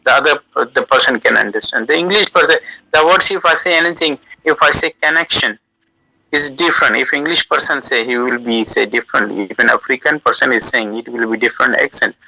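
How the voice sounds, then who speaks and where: A man whose first language is South Asian talks through an audio call in a sharp, forceful voice. He goes slowly and haltingly, filling gaps with uh and restarting phrases. The sound is dry and close. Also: mid-range voice, vocal fry, no echo, low-quality recording. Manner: slow, halting, many uh fillers and restarts. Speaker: guest giving language advice. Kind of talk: casual advice over an audio call. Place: lives in the United Kingdom.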